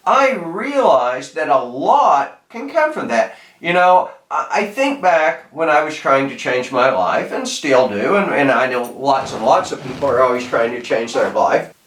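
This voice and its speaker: A man's voice: fairly high pitch, a bit bright. Southern man giving a folksy pep talk. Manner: rambling, restarts, folksy. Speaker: speaker on self-improvement. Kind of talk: casual motivational talk. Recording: echoey room, mic at a distance.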